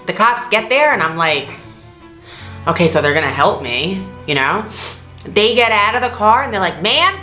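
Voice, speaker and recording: A young woman co-hosting a vlog, telling a story in a casual, animated way, acting out quoted voices with big jumps in pitch and laughing often. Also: normal speed. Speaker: vlog co-host. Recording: echoey room with faint music.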